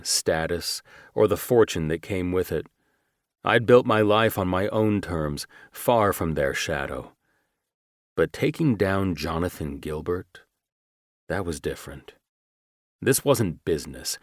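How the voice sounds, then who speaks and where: A male narrator reading a first-person romance audiobook with a measured, quietly menacing delivery. His voice is very deep and he takes his time over each phrase. The recording is dry and close, with no room sound. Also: no echo.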